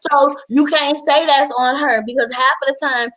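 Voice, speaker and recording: Brash female co-host, outspoken and profane, a little high-pitched. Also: steady tone, moderate pace, heavy background noise. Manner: blunt, loud, profane. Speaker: podcast co-host. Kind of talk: explicit casual group chat.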